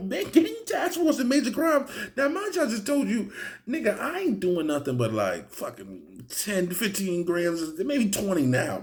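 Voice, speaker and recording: A man telling a story in a casual, profane street style, acting out the people in it. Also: high voice. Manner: animated, profane street storytelling with acted-out quotes.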